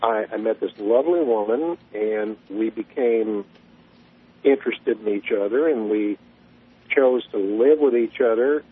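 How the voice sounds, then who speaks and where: A man calling in to a radio show, telling a story in a folksy, unhurried way. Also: lowish voice, slightly rough. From Southern US. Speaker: caller. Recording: tinny phone line.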